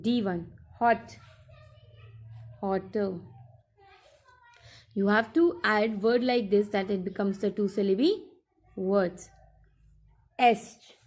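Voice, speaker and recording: A woman teacher explaining workbook exercises in a recorded lesson, slowly and step by step, repeating her instructions. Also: medium pitch, steady tone, a little mellow.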